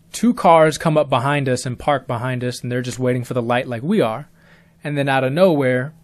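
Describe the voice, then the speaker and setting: A young man telling his own story in a plain, casual way, with ums along the way. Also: medium pitch. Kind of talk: first-person spoken story.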